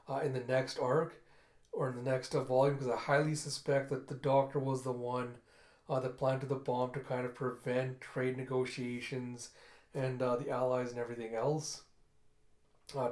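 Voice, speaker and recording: A man's voice: medium pitch, darkish tone. A man giving a casual, rambling comic review, full of fillers and self-corrections. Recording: echoey room.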